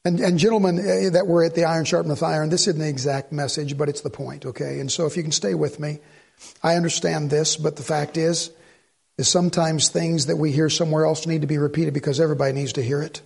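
A man preaching a sermon as the pastor, swinging from loud exhortation to low, earnest asides. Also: steady tone, fast talker, creaky, breathy edge.

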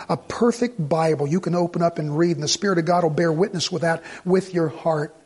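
A man preaching a sermon as the pastor, swinging from loud exhortation to low, earnest asides.

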